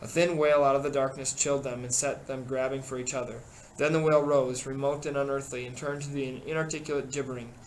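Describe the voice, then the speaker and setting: A man reading a novel aloud in steady, measured narration. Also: medium pitch, slight background noise, low-quality recording. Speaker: reader.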